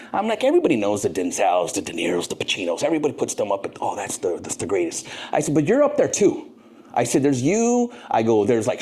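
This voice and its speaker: Middle-aged man, husky voice, animated storyteller, swears freely, plays every part of the dialogue himself. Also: medium pitch. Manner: lively, profane, acts out both sides of dialogue. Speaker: podcast guest.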